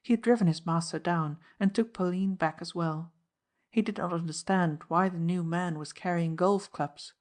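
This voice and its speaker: In a scripted audiobook narration, a woman reads in a steady, measured way. Her pitch leans low.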